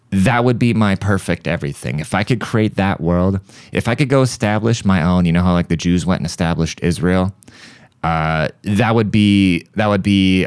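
On his podcast, a man with a very low, smooth, darkish voice tells rambling comic stories, swearing freely and breaking into beat sounds made with his mouth to mimic music. It's recorded close and dry on a studio podcast mic, with no echo or room sound.

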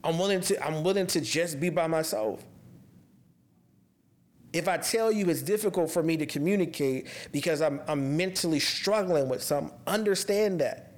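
Guy on his podcast just talking real, kinda high voice, raw and heavy, stumbles over words when it hurts. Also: moderate pace. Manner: raw, candid, emotionally heavy; casual and conversational, restarts when upset. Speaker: podcast host. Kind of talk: personal monologue on mental health.

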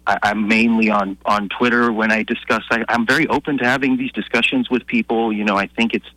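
A man speaks as a guest on a radio interview, explaining his ideas earnestly. His voice is bright and forward, and it sounds dry and close with no room at all. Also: on the low side, no room sound, rough recording. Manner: earnest, explanatory, with frequent restarts. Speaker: guest scientist.

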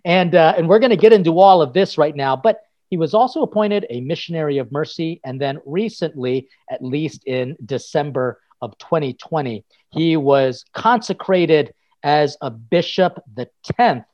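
Upbeat priest hosting a chat, higher voice. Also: male voice, darkish tone, lo-fi sound. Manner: upbeat, jokey, quick asides. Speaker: priest and podcast host. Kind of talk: casual interview chat.

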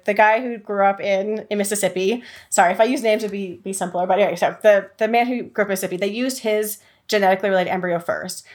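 Woman podcast host, chatty, lots of likes and ums, mid pitch. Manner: chatty, many fillers and restarts. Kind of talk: casual podcast conversation.

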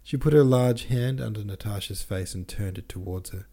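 A man narrating a classic novel aloud in a measured, steady reading. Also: fairly low pitch, gravelly. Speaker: audiobook narrator.

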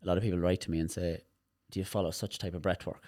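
A man's voice: low-pitched, little pitch movement, quick pace, a little mellow, no echo, studio quality. An Irish man, a therapist guest in a casual interview, explaining things animatedly and often repeating words.

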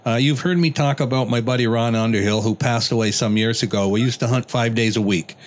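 An older man hosting a podcast, telling stories in a plain, unhurried way during casual chat. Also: medium pitch. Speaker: podcast host.

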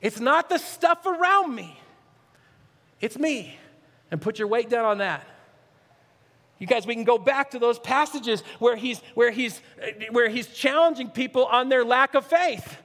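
A male pastor preaching a sermon with earnestness, swinging from near-shouts to hushed, low asides. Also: lively intonation, measured pace. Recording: long reverb, echoey hall.

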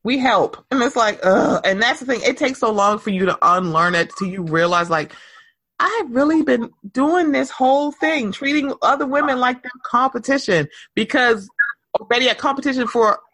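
A young adult woman co-hosting a casual chat, frank and profane, laughing often and jumping into high mocking voices when she quotes people. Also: expressive, moderate pace, fairly bright tone, breathy edge. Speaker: podcast co-host.

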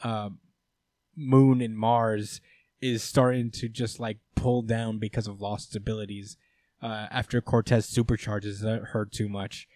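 A man co-hosting a podcast, casually recapping a comic storyline with rambling asides, laughs and quick character voices. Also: fairly low pitch, level tone, a little mellow, no echo. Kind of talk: casual comedic recap chat.

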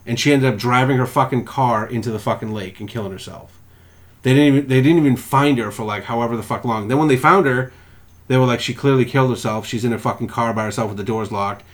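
A young man in casual podcast chat, swearing freely as he tells stories. He slips into quick impressions of the people he quotes, with his pitch jumping up for them. His voice sits at an ordinary middle pitch for a man. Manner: profane, animated storytelling with put-on quotes. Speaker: podcast co-host.

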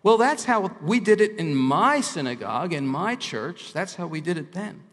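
A male preacher delivering a sermon, leaning hard on each key line. His voice sits a little above the usual pitch. A long reverb trails his words through a large hall. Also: sing-song, a bit bright. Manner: emphatic, slows down to stress key lines.

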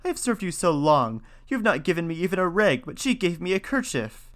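A man reading a folktale, voicing a resentful servant woman who complains quickly in a higher voice. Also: very animated, a bit bright.

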